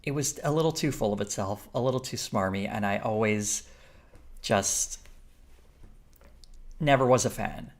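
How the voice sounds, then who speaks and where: A man with a somewhat low, gravelly voice chats casually on a live stream. He thinks out loud as he goes, wandering between thoughts and picking up viewer comments. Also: a little slow, pauses often. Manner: rambling, thinks aloud, with fillers and restarts while reading chat.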